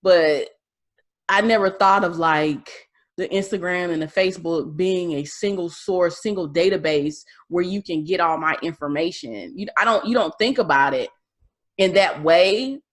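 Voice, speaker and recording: A woman, co-hosting a podcast in casual chat, blunt and animated, swearing freely. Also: fairly low pitch, moderate pace. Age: late 30s. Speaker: podcast co-host.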